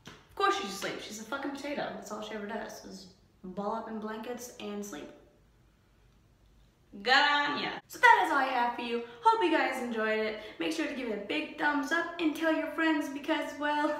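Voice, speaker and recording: A young woman vlogs to the camera in casual chat, poking fun at herself and laughing a lot, her voice sitting high and a bit bright. She's in an empty indoor breezeway with glass doors, and the bare room makes the recording very echoey.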